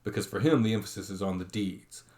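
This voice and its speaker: A man's voice: sits low, fast talker, a little mellow. A man giving an online lecture, reading quotations aloud with frequent fillers and restarts.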